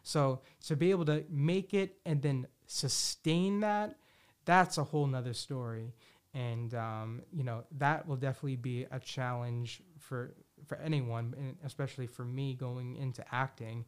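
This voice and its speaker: Male podcast host, mid-pitched voice, loose casual ramble full of "you know" and f-bombs. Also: steady tone, normal speed, clear, resonant tone. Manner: rambling, many restarts and "you know" fillers, frequent swearing; enthusiastic about music predictions. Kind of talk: casual solo talk.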